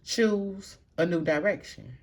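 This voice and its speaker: A woman's voice: lowish voice, takes it slowly. Blunt, slangy woman reading tarot. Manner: blunt and slangy, swears freely, shifts between calm and loud. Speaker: tarot reader. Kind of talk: casual tarot reading to camera.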